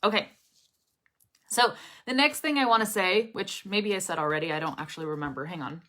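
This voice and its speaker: A bright, clear-toned woman teaches pronunciation in a relaxed live lesson. She repeats short drill phrases again and again and keeps checking in with her viewers. Her pitch sits in a middle range. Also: a little fast. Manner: casual, repeats drill phrases many times; often checks in with "okay?".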